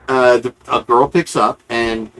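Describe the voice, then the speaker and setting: A man's voice: mid-range voice, steady tone, a little slow, a bit bright, rough recording. A man hosting a live-stream show, telling a long rambling story in a casual, profane, chatty way.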